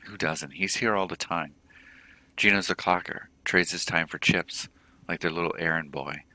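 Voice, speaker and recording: A man's voice: deep voice, moderate pace, pushed and bright, dry recording. A man reading a frightened cyberpunk mother. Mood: wary. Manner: reads game dialogue aloud plainly. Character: frightened middle-aged mother in a cyberpunk slum.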